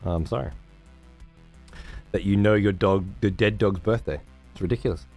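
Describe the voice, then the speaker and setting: A man's voice: on the low side, normal speed, darkish tone, faint music behind. A man hosting a livestream from his room at home, chatting casually with viewers in profane, sarcastic banter. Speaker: livestream host.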